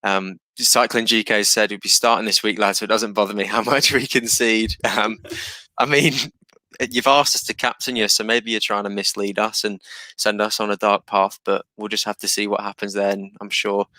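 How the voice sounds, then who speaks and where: A man's voice: lowish voice, flat delivery, normal speed, bright, forceful tone, dry recording. A man hosting a casual fantasy football podcast panel, bantering and teasing his co-hosts. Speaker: podcast host.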